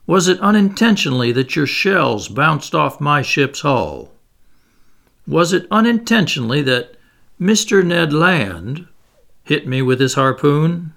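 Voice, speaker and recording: A man reading as a calm, commanding ship's captain. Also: medium pitch, gravelly. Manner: calm, penetrating, precise speech.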